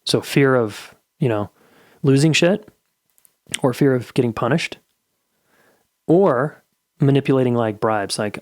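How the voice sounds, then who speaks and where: A man's voice: mid-range voice, a little slow, pauses often, no room sound, clean studio sound. A middle-aged man hosting a podcast, giving candid, blunt advice in a casual solo monologue and swearing freely. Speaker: podcast host.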